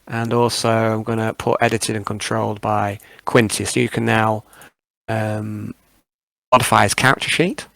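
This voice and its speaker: Gravelly-voiced man running a game. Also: on the low side, flat delivery, moderate pace, a bit bright, no room sound. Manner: hesitant, full of ums. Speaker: game master. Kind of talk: narrating a tabletop game.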